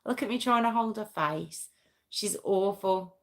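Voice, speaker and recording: A woman hosts a live true crime stream in a loose, chatty way, teasing herself and answering viewers as she goes. Her pitch sits in the middle for a woman, and her talk rambles with quick restarts. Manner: chatty, self-mocking, answers comments as she talks. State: sore arm. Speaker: true crime livestream host. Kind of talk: casual live chat with viewers.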